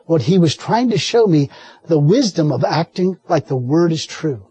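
A man preaching a sermon with folksy, animated storytelling and frequent laughter. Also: on the high side, moderate pace, husky, no echo.

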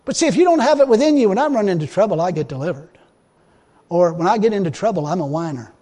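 A man preaching a folksy, emphatic sermon, swinging between loud exhortation and quiet asides, often laughing. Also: sits high, expressive, quick pace. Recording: long reverb of a hall.

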